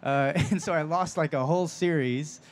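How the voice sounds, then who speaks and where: A man's voice: fairly high pitch, normal speed. A man who works as a voice actor, answering audience questions on a convention panel, chatty and laughing often as he tells stories. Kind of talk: live panel Q&A storytelling. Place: convention stage.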